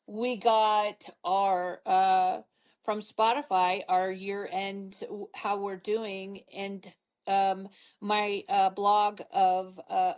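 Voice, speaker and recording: A woman hosts a podcast and chats with her guest in a loose, encouraging way. She wanders through her sentences with plenty of filler words. Her pitch sits in a middle range. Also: poor audio. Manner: rambling, encouraging, many fillers. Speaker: podcast host. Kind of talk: casual interview conversation.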